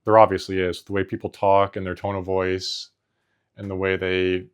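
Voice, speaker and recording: Rambling young man, lowish voice. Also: completely flat delivery, normal speed, clean tone. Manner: rambling, mimics voices in anecdotes. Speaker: podcast co-host. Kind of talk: casual podcast chat.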